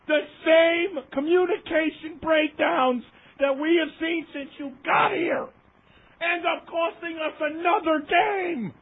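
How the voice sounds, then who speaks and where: A man delivering an impassioned, emphatic sports rant, repeating himself for effect. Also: very high voice. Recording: tinny phone line.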